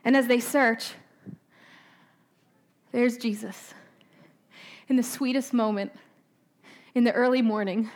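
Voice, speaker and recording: A woman preaching a sermon in a conversational way, asking her listeners questions and often tagging "right?", slowing down on key points. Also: on the high side, fairly even intonation. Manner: slows down for emphasis.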